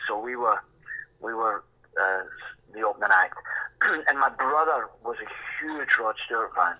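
Husky older man with a forceful edge. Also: lowish voice, unhurried, poor audio. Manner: lively raconteur, acts out voices in quotes. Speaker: musician telling a story. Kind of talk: anecdotal storytelling.

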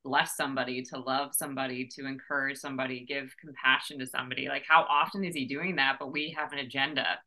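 A woman's voice: a bass voice, steady tone, quick pace, hardly any pauses, bright, forceful tone, poor audio. A woman hosting a faith podcast, talking casually and enthusiastically and asking rhetorical questions. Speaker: podcast host.

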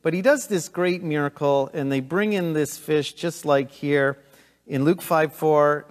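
A middle-aged man preaching a sermon as pastor, earnest and emphatic, swinging between loud urgency and hushed intensity. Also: fairly high pitch, a little slow. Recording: long hall reverb.

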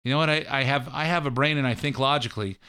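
Man, talk host, casual political commentary, rambling, crisp bright voice. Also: mid-range voice, fairly even intonation, fast talker. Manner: rambling, folksy, mocking.

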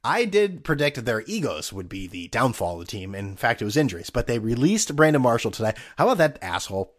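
A man's voice: medium pitch, sing-song, fairly quick. A man hosting a casual solo podcast, rambling and sarcastic with plenty of profanity. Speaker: podcast host.

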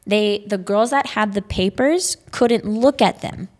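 A woman's voice: mid-range voice, a little slow. Chatty young woman recapping a class. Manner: chatty, rambling recap with many fillers. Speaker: girls' Sunday school teacher. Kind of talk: casual podcast chat.

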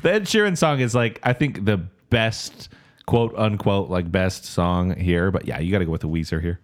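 A man's voice: low-pitched, moderate pace. A man hosting a podcast in casual chat, easygoing as he announces the matchups. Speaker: podcast host introducing matchups.

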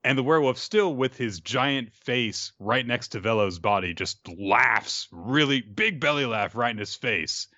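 A man's voice: medium pitch, lively intonation, unhurried, few pauses, bright, forceful tone, no echo. A man hosting a podcast, recapping an episode in a rambling, wry way with many fillers. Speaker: podcast host. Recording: dry, slightly dull recording.

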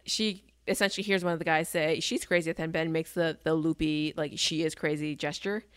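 A woman's voice: deep voice, fairly quick, clean tone, no room sound. Dry-sounding woman recapping a movie. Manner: animated, acts out characters' lines while retelling. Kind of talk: casual movie recap chat.

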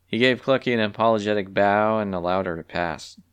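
A man narrating a storybook with an animated, expressive reading. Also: lowish voice, fairly quick, clean tone. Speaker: story reader.

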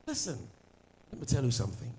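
Animated preacher man. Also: fast talker, breathy edge, rough recording. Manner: animated preaching, swings from loud declarations to low asides. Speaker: pastor. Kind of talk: sermon.

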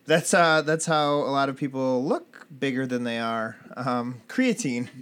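An easygoing podcast co-host who jokes around and laughs often. The voice sits at an ordinary middle pitch. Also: animated, measured pace, a bit bright, clear, resonant tone. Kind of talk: casual chat.

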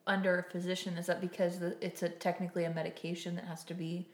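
A woman's voice: lowish voice, little pitch movement, fast. A woman co-hosting a casual podcast, asking curious follow-up questions. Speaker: podcast co-host. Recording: roomy echo.

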